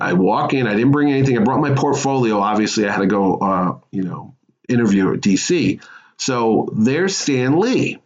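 A middle-aged man tells a personal story with excitable energy. His mid-range voice leaps upward whenever he hits a highlight. The recording sounds a little dull and muffled. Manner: animated, excitable, swings pitch up for emphasis.

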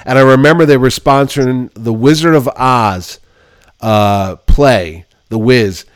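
A man in his fifties hosting a show, telling casual stories and acting out the people in them, combative and quick with a comeback. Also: mid-range voice, dry recording, studio quality. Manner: self-described belligerent, quick with comebacks. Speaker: podcast host. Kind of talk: casual storytelling.

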